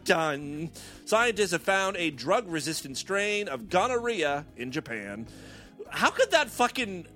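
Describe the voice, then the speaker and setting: Brief: man, comic news host, sarcastic and foul-mouthed, somewhat high and animated. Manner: profane, sarcastic, animated, riffing asides. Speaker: comedy podcast host. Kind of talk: irreverent comic news reading.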